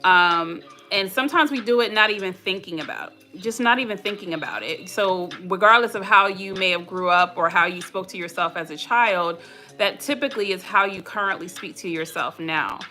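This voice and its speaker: A woman's voice: lowish voice, moderate pace, sharp tone, soft background music. A woman hosting a live motivational stream, speaking earnest affirmations and reflecting on self-talk. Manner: answers live chat between points. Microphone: webcam or phone mic on a live stream.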